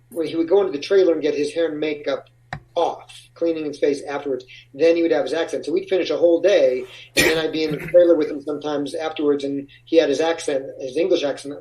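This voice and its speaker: Male actor guest, slightly high voice, heard a bit distant from the mic, loose and rambling delivery. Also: mellow. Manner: rambling, with frequent restarts and laughs. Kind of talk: casual interview conversation.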